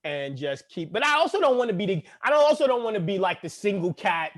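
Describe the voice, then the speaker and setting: High-voiced man from Brooklyn, casual co-host. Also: very animated, fast, fairly bright tone. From Brooklyn, New York. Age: adult father of young kids. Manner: blunt, profane, laughs easily. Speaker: podcast co-host. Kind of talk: casual chat.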